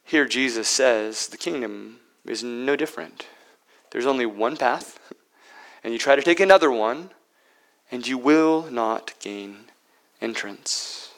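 A man's voice: medium pitch, slow pace, creaky, low-quality recording. Emphatic male pastor preaching. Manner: emphatic, swinging from loud peaks to hushed near-whispers. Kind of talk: sermon.

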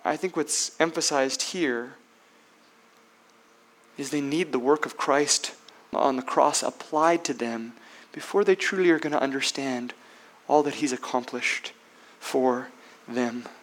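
A man preaching a sermon as pastor, emphatic, swinging between loud declarations and hushed passages, with rhetorical questions. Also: mid-range voice, a little slow, long pauses.

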